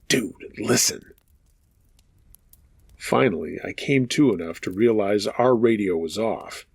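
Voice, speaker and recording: A man's voice: fairly low pitch, creaky, slightly rough, no echo. A man hosting a show of true scary stories, reading listener accounts aloud in a casual, profane storytelling manner.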